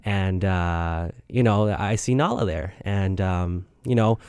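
Young male podcast host, lowish smooth voice, rambling and self-deprecating, close dry mic. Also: takes it slowly, a little mellow, no room sound. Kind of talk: casual spoken intro.

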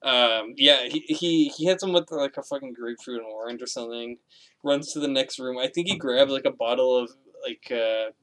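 Bright-voiced man chatting about a film. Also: medium pitch, normal speed. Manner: laughs while retelling scenes, swears casually, acts out quotes. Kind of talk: casual film discussion.

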